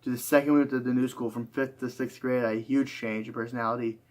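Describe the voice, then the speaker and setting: A man's voice: medium pitch, little pitch movement, fast talker. A tired young man talking through a rambling, reflective monologue, full of fillers and restarts. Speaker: YouTuber.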